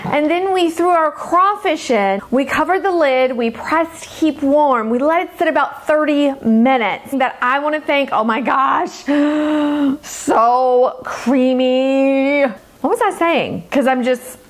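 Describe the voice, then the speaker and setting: Gushing, bubbly woman host. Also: sits high. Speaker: dietitian cooking show host. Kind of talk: cooking demonstration.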